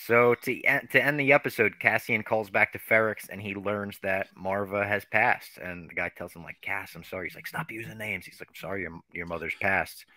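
Deep, bright-toned male co-host. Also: fairly even intonation, fairly quick, hardly any pauses. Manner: laid-back storytelling, recapping scenes. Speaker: podcast co-host. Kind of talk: casual chat recap.

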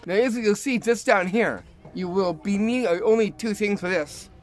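High-voiced man teaching a magic trick. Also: moderate pace. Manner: eager, repeats "like this" while demonstrating. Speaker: magic trick tutorial host. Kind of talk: casual demonstration tutorial.

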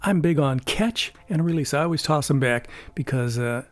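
A man in his seventies from California, rambling through a casual unboxing review at home, pausing often on fillers and chuckling. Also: on the high side, expressive, dry recording. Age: 70s. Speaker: YouTube product reviewer.

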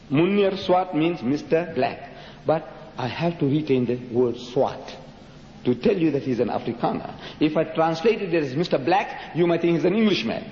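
A man from Africa, giving an emphatic public religious lecture full of rhetorical questions and dramatic pitch swings. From South Africa. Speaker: Muslim lecturer. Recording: dull lo-fi hall recording, echoey.

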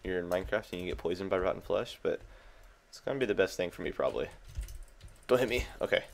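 Young man, gaming commentary, deep gravelly voice, chatty, jumpy, keyboard clicks. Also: animated, fast, a little hiss or hum. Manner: chatty, self-amused, jumpy reactions. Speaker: gaming channel host. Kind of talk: casual game commentary.

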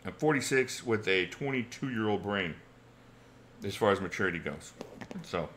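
Chatty low-voiced man in his forties. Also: animated, normal speed, fairly bright tone, a little hiss or hum. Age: 40s. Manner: chatty, reads viewer questions aloud, chuckles often. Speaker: channel host. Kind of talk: casual livestream Q&A.

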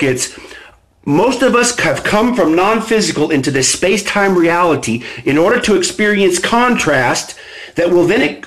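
A man hosting a live stream, reading from his own book and preaching self-understanding, swinging between low chatty asides and loud emphatic bursts. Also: rough recording. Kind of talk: motivational live stream talk. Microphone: phone or webcam on a live stream.

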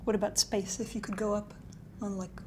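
A woman hosting an interview, asking questions in a relaxed, chatty and enthusiastic way. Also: medium pitch, brisk, crowd noise. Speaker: interviewer, host. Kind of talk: casual interview. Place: Los Angeles.

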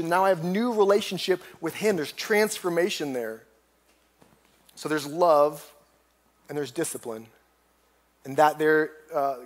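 Earnest man preaching a sermon. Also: on the high side. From United States. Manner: earnest, storytelling, builds up emphatically on punch lines. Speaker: pastor.

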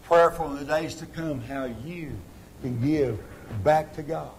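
A man preaching a sermon as pastor, surging to loud exhortation and sinking to quiet appeals. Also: unhurried, slight background noise, poor audio. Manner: impassioned, rising to loud exhortation then dropping low. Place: church sanctuary.

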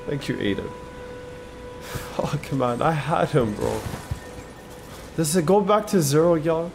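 Excitable high-voiced man streaming a game. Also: takes it slowly, creaky, noisy background. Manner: excitable, swears, talks to chat. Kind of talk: live gameplay commentary. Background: game music.

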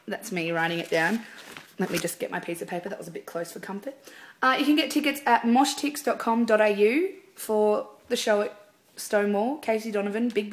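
A chatty woman records a casual video blog from a theatre dressing room. She rambles easily, filling the gaps with "um" and "yeah." Her voice sits at an ordinary, mid-range pitch. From Australia. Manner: chatty, rambling, lots of fillers. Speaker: singer.

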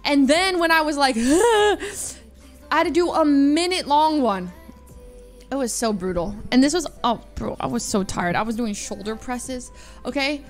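A woman's voice: sits high, expressive, moderate pace, faint music behind. A young adult woman streamer telling a story casually and animatedly, laughing often and stretching words for emphasis.

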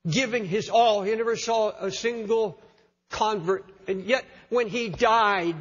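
High-voiced older preacher in an echoing hall. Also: male voice, fairly bright tone. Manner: impassioned, repeats words as he preaches. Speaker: pastor. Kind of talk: sermon. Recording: lo-fi sermon recording in a hall.

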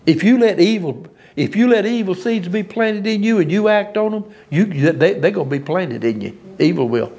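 A man's voice: high voice, lively intonation, normal speed, hardly any pauses, a little mellow. A man preaching an informal sermon, folksy and emphatic, often laughing at his own lines.

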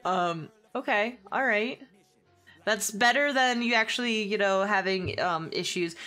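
A bright, crisp-toned young woman talking off the cuff to her stream audience. She rambles, swears freely and laughs often between answers to chat, with faint music playing behind her. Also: medium pitch, unhurried. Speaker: gaming streamer. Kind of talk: casual stream chat with viewers.

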